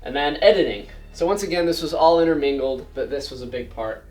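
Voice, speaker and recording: A man's voice: on the high side, animated, fairly quick, a little mellow. Chatty teenage boy presenting, roomy echo. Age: late teens. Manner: chatty, explanatory, with frequent "like" and "so". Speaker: student presenter. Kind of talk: casual slideshow presentation. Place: school presentation room. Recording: roomy echo with faint music.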